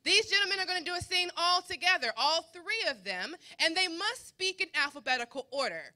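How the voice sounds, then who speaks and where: A woman's voice: extremely high pitch, lively intonation, fairly quick, sharp tone. A woman hosting an improv showcase as the drama teacher, upbeat as she explains the rules and cues the players in. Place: school theater stage with live audience.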